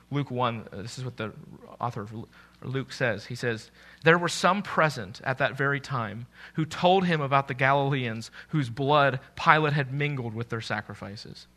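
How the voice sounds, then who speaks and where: An earnest male pastor delivering a sermon with a bright, forceful voice pitched a little high. He restarts phrases often and lifts his voice sharply when he plays out a doubter's words.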